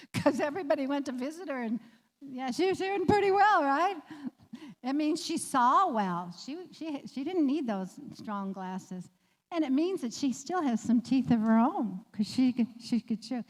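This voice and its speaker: A woman sharing a heartfelt personal story as a guest, laughing often and growing animated as she recalls. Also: sits high, measured pace, in a large hall. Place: community office room.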